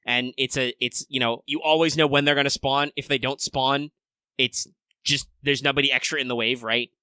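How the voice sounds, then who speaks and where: A man co-hosting a casual gaming podcast, rambling through opinions with quick asides and plenty of swearing. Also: mid-range voice, steady tone, sharp tone, clean tone, no room sound, studio quality. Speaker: podcast co-host.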